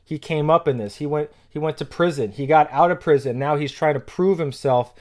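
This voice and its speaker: A man hosting a music reaction, talking loosely with restarts and bursting into loud excited exclamations. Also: fairly high pitch, a little fast. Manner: loose and conversational, many restarts. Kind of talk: casual reaction commentary.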